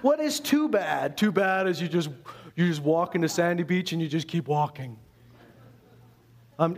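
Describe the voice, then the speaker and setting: A man from Canada with a high voice, preaching a sermon. He talks in a conversational, animated way and keeps asking his listeners questions. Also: moderate pace. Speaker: pastor.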